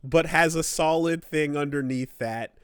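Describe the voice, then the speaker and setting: A man's voice: a little high, measured pace, smooth, dry recording, clean studio sound. A man co-hosting a gaming podcast, talking casually and at length, swearing freely and acting out characters' lines. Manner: rambling, profane, acts out characters' lines. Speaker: podcast co-host.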